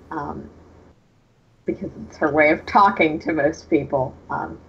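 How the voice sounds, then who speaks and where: Low-voiced woman player, hesitant, dull mic. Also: a little hiss or hum. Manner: hesitant, many ums.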